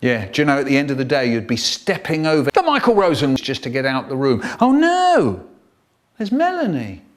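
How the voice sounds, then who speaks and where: A man's voice: medium pitch, lively intonation, fast talker, hardly any pauses. A man telling comic stories in a playful, exaggerated way. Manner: exaggerated, playful, does funny voices. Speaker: storyteller. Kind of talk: animated comic storytelling, remixed clips.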